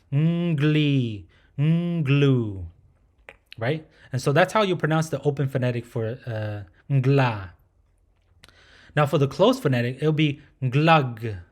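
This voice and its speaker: A man's voice: medium pitch, darkish tone. A man teaching pronunciation patiently, repeating each sound and often checking in with the learner. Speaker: language teacher. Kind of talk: pronunciation lesson.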